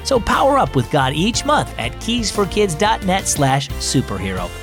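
A man's voice: high-pitched, wildly swooping pitch, moderate pace, music in the background. A man hosting a children's devotional show, reading a story in a cheerful, upbeat scripted narration. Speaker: host.

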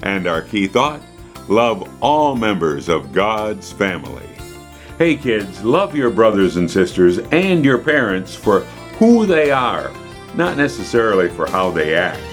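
A man with a low voice hosting a children's devotional program. He narrates from a script for young listeners, slowing down to stress key words. Faint music plays underneath. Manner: warmly expressive storyteller, slows for emphasis.

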